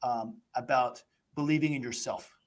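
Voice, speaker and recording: A man moderating a video-call panel who asks the guests questions. He talks in a relaxed, encouraging and loose way. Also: mid-range voice, moderate pace.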